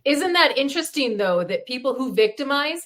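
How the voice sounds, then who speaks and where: Female co-host, higher pitch, reflective conversational tone. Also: animated, normal speed, fairly bright tone. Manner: reflective, quotes others mockingly. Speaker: podcast co-host. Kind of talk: casual interview chat.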